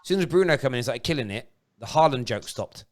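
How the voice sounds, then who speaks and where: A man, hosting a casual football watchalong with animated, laughing banter. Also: medium pitch, fast talker. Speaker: host of a football fan show. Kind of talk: casual live match watchalong chat.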